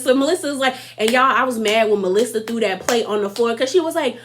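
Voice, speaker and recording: A woman's voice: sits high, expressive, normal speed. A young woman in her twenties giving a chatty, slangy recap of a reality show, talking straight to viewers and mocking cast members' lines in put-on voices. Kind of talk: casual episode recap commentary.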